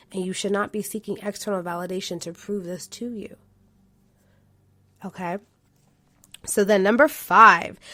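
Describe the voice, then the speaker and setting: A woman's voice: medium pitch, fairly bright tone, dry recording. A young adult woman hosting a spiritual self-help podcast, coaching listeners in an affirming tone and often checking in with "okay" and "right". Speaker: podcast host.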